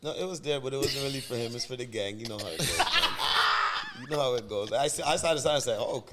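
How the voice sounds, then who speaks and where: Quick laid-back man over loud noise. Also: medium pitch. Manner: laid-back, easygoing replies. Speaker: guest event host. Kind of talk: casual chat.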